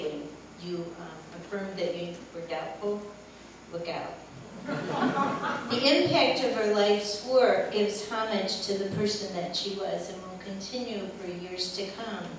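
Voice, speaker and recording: A woman's voice: mid-range voice, moderate pace. An older woman giving a memorial tribute speech, telling fond stories of her friend with humor. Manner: warm storytelling with laughter. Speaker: eulogy speaker. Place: large echoey hall. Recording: echoey hall from far off, noisy.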